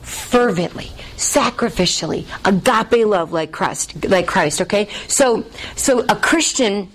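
A woman teaching a Bible study class in a lively way. She keeps checking in with "okay?" and asks the class to fill in the answers. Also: mid-range voice, takes it slowly, slight background noise.

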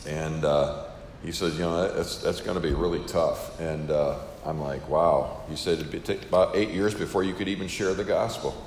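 A man's voice: a bass voice, moderate pace, a little mellow, roomy sound, in a large hall, slight background noise. An older man who is a missionary, casually telling a story to an audience and acting out the dialogue. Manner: casual, chatty, acts out quoted dialogue.

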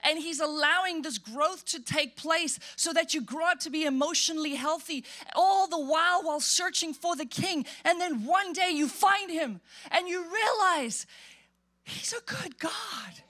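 A woman pastor preaching a sermon in church, emphatic and animated, acting out quotes as she goes. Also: very high-pitched, moderate pace, few pauses.

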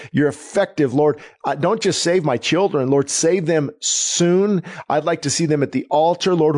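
A middle-aged man preaching a sermon in an earnest, emphatic way, repeating key phrases and slowing down for emphasis. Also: medium pitch, a little mellow. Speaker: pastor.

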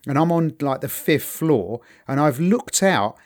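A middle-aged British man spins anecdotes in a loose, chatty way and jumps into loud impressions of the people in them. His voice sits on the higher side for a man. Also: unhurried. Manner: animated storyteller, acts out voices loudly. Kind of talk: casual chat, storytelling.

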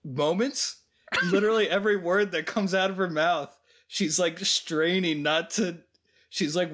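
A man's voice: sits high, fairly even intonation, measured pace, fairly bright tone. A man co-hosting a podcast in casual chat, blunt and sarcastic about films, laughing often. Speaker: podcast co-host.

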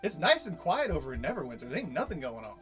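A man's voice: a little high, wildly swooping pitch, quick pace, music in the background. A man speaking in character at a tabletop game, preachy and insistent like he's giving a speech. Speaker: player. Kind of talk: in-character role-play.

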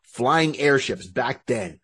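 A man with a mid-range, slightly breathy voice speaks slowly as he co-hosts a podcast. He chats casually about a movie, staying lively and acting out lines of its dialogue.

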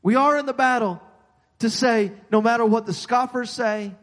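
A man's voice: very high voice, normal speed, fairly bright tone, long reverb tail. A man preaching a sermon as pastor, earnest, often repeating and restarting his words.

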